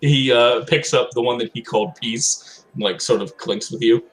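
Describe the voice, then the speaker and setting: Meandering, unhurried male game master. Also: mid-range voice, poor audio. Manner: meandering, hedging with filler words, slows down on descriptions. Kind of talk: narrating a tabletop game.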